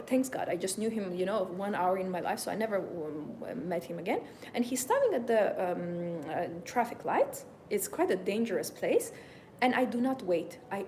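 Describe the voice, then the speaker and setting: A woman's voice: mid-range voice, darkish tone, slight background noise. A woman dating coach speaking live, emphatic and moralizing, repeating her phrases for effect. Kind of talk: live stream monologue.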